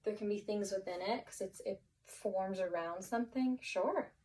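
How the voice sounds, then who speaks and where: A woman's voice: medium pitch, moderate pace, darkish tone, recorded from a distance, low-quality recording. A woman teaching a vocabulary lesson, encouraging and thinking aloud with many fillers and restarts.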